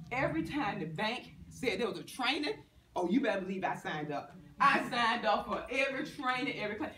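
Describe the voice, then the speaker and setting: A middle-aged woman from Virginia, a banker giving a lively motivational talk to students, often laughing and acting out what people said. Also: medium pitch. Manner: lively, laughing, acts out quotes. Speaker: banker and guest speaker. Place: university lecture room. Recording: echoey room, distant mic, faint noise.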